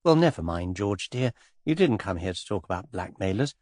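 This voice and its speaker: A breezy young society woman, witty and lightly mocking, spoken softly with lively rises and dips, as a male audiobook narrator voices her. The voice is husky and close, in a dry space. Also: low-pitched, a little fast, no room sound. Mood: teasing. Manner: airy, teasing, softly amused.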